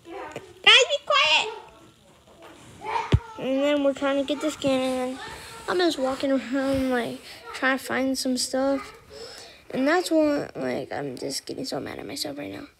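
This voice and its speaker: A woman's voice: high-pitched, animated, normal speed, gravelly, noisy background. A woman narrating a recorded voice-over of her gameplay in a rambling, chatty way that turns annoyed easily. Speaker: gameplay commentator.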